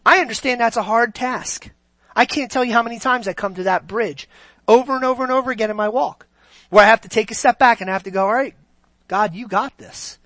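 A man preaching to his congregation with a bright, forceful voice. He leans hard on key words and keeps firing rhetorical questions at the room. The sound is close and dry, with little room echo. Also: extremely high pitch, quick pace. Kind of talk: sermon.

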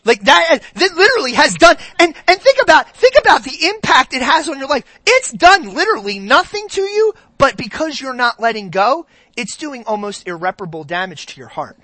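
A preacher giving a sermon in an animated, conversational way, often repeating phrases for emphasis. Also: sits high, fairly quick, hardly any pauses, dry recording.

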